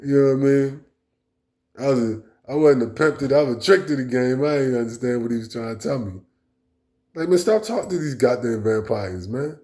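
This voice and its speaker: A man's voice: mid-range voice, brisk, warm tone. A man delivering a blunt, profane, rambling monologue as a vlog host. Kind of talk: casual monologue rant.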